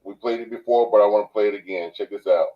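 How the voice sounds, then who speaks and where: A man hosting a show in a relaxed casual chat, often restarting his sentences. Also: lowish voice, fast. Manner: relaxed, repeats his starts. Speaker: host. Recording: dull lo-fi sound.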